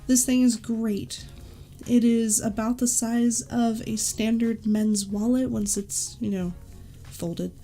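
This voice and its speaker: Woman vlogger, casual and upbeat, mellow tone, recommends products with offhand asides. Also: on the high side, fairly even intonation, slow, faint music behind. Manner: chatty, enthusiastic, self-correcting asides. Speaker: YouTube creator.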